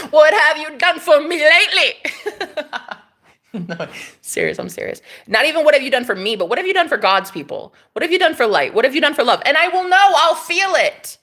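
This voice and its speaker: A woman's voice: high voice, big pitch swings, moderate pace, a bit bright. A woman hosting a casual spiritual livestream from a rented room, sassy and laughing as she talks back to her viewers' comments. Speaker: livestream host.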